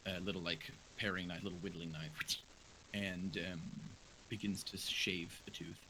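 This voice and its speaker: Guy running a tabletop game, bright voice, low-ish, bit of hiss. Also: moderate pace, low-quality recording. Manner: relaxed, rambling narration with fillers. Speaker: game master.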